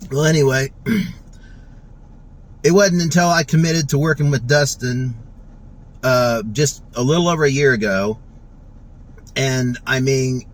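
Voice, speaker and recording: A man talks haltingly, full of restarts and fillers, as he shares a personal testimonial. He is choked up and close to tears, his medium-pitched voice recorded inside a vehicle. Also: poor audio.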